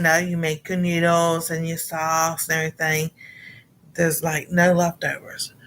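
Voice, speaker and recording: Slow, bright-voiced woman chatting. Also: on the low side. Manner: rambling, chatty, greets viewers, laughs often. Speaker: cooking channel host. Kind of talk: casual livestream chat.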